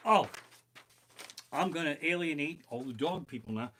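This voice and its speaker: A male stand-up comic rants from his living room, his voice bright and sharp as it jumps around a lively, wide range. He swears freely and bursts into loud exasperated outbursts. The home streaming setup is bare-bones. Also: on the high side, normal speed, pauses often, a little hiss or hum, rough recording. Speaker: stand-up comedian. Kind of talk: stand-up comedy rant. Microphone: basic home streaming setup.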